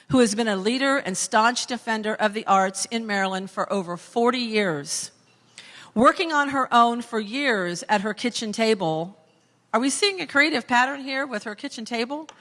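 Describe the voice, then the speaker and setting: Bright-voiced woman presenting an award. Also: medium pitch. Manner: emphatic, builds lists for effect. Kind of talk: formal tribute speech. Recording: long hall reverb.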